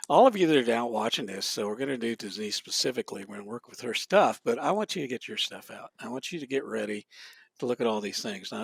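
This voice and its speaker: A man's voice: mid-range voice, gravelly, slightly rough, no echo. A man hosting an instructional talk show, upbeat and walking viewers through a list of topics. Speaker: host.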